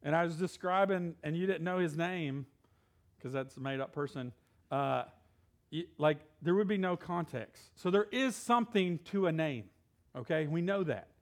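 A man's voice: on the high side, moderate pace. A middle-aged male pastor giving a casual, conversational sermon with asides and Bible readings.

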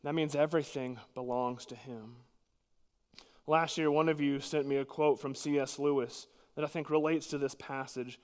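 A man preaching a sermon as pastor, earnest and emphatic, dropping suddenly to quiet at times. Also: mid-range voice, steady tone, normal speed, clean tone, in a large hall.

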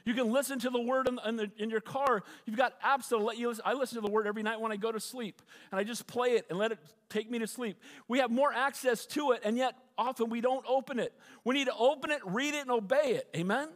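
A man's voice: very high-pitched, steady tone, quick pace, few pauses, a bit bright, in a large hall. A middle-aged man, a pastor, preaching a sermon and often asking the congregation for an amen.

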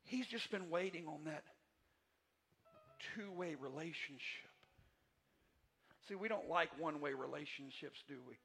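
Male pastor, high bright voice, emphatic repetitive sermon delivery. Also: measured pace, creaky, pauses often, slightly rough. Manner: repetitive, emphatic preaching with swings between soft and loud passages. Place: church sanctuary.

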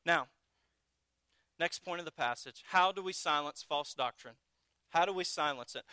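A man's voice: fairly high pitch, moderate pace, bright, forceful tone, clear, resonant tone, dry recording. A man preaching a sermon as pastor, earnest and blunt, asking the congregation rhetorical questions.

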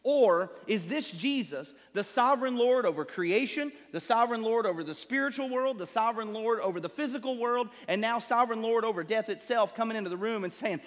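A male pastor preaching a sermon. He builds up with rising emphasis, then drops low and slow to drive a point home. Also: expressive. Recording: long reverb of a large hall.

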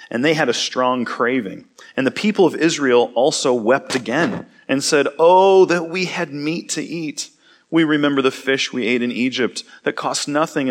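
Man reading scripture with dramatic emphasis. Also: medium pitch. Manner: reads dramatically, voicing the speakers with rising emphasis; casual asides with fillers and small slips. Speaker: Bible teacher. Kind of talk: scripture reading with casual commentary.

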